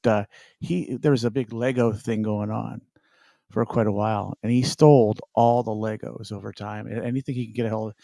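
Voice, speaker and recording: A man's voice: medium pitch, warm tone, no echo, studio quality. A man in casual chat, telling old stories with a laugh. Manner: laughing anecdotal storyteller.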